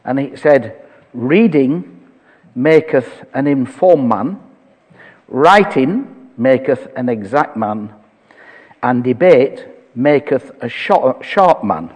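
A man's voice: mid-range voice, expressive, takes it slowly, a little mellow, breathy edge, big-room sound. A man preaching a sermon, reading scripture aloud and talking it through conversationally with touches of humor.

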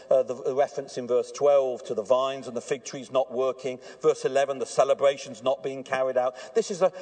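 A man preaching a sermon at an evening church service, earnest and swinging between hushed warnings and fervent emphasis. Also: medium pitch.

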